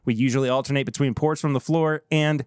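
An upbeat man co-hosts a casual talk podcast, his voice sitting in a mid register. He pitches the show in a chatty way. The recording is dry and close, with no room sound. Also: fairly even intonation, quick pace, darkish tone, clean tone, no room sound. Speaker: podcast co-host. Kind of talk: casual chat.

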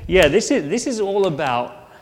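A man's voice: high voice, sing-song, moderate pace. Conversational male preacher in a reverberant hall. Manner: conversational, with frequent restarts and rhetorical questions. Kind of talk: sermon.

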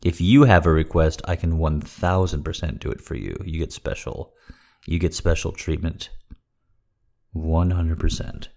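A man's voice: extremely low pitch, a little slow, creaky, darkish tone. A man hosting a livestream, chatting casually and rambling with jokes and lots of swearing as he thanks supporters. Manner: rambling, profane, joking. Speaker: livestream host reading requests for patrons.

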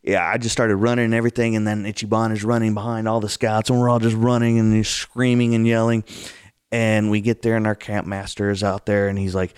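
Deep-voiced man telling a spooky tale. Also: brisk, smooth, no echo. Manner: animated, acts out the scares with sudden high outbursts. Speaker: guest telling a story. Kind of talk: casual storytelling. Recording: dry close sound.

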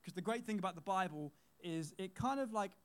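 A young man in his twenties gives a casual talk to teenagers, telling school stories in a loose, chatty way. His voice sits fairly high, and he leans on fillers and repeats his key lines. He speaks from a stage to a youth audience. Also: expressive, fairly quick, smooth.

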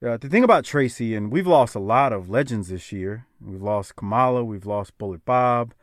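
A man's voice: medium pitch, lively intonation, normal speed, no echo, studio quality. A man hosting a podcast, talking casually in a rambling, heartfelt way with many restarts. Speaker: podcast host.

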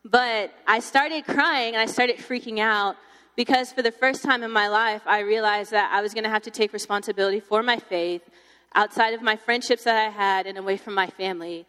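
A young woman giving her testimony to a campus ministry group, telling it in a chatty, animated way with lots of fillers. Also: mid-range voice, normal speed, clear, resonant tone. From Texas. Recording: long hall reverb.

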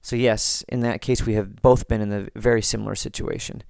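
An American man hosting a podcast, reading listener comments and chatting in a relaxed, rambling way with frequent restarts. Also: on the low side, brisk, creaky, clear, resonant tone, no echo, studio quality. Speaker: podcast host.

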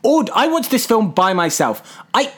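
A man's voice: sing-song, measured pace, breathy edge. A man co-hosting a podcast, recapping and mocking a film in casual, sarcastic, profanity-laced chat. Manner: sarcastic, swears, jumps high when exasperated. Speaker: podcast co-host.

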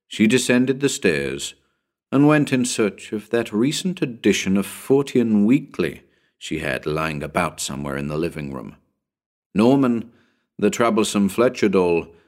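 A man narrating a spooky story as an audiobook, building suspense in a dramatic storytelling manner. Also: fairly low pitch.

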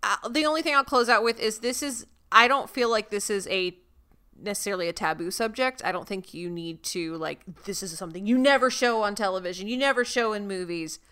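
A woman's voice: mid-range voice, brisk, pushed and bright, clean tone. A young woman co-hosting a podcast in casual chat, upbeat and playful as she wraps things up. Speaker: podcast co-host.

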